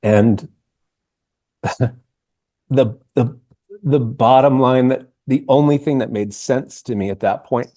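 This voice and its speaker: A singer-songwriter of around 50 speaks as a guest on a podcast, reflecting during an interview in a warm, low voice on a dry recording. He is emotional and close to tears, talking earnestly but haltingly, with lots of restarts and "like."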